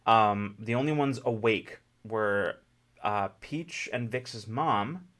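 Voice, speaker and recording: A man narrating a tabletop game as game master, in a halting, thoughtful way. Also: on the low side, a bit bright.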